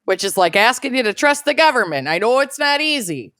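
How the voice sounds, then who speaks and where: A woman co-hosting a casual podcast, chatty and jokey with an animated delivery, on a close mic. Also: fairly high pitch, brisk, no room sound. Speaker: podcast co-host.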